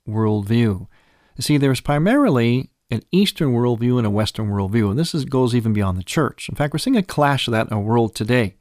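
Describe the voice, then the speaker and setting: A man, a priest hosting a program, explaining questions of faith in a patient, measured teaching talk. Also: mid-range voice, darkish tone, no echo, clean studio sound.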